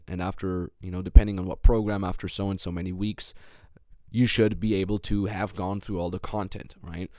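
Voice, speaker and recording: A man's voice: fairly low pitch, darkish tone, no room sound, studio quality. A man hosting a business coaching podcast, talking in a blunt, heated monologue. He swears a lot and repeats words and restarts when worked up.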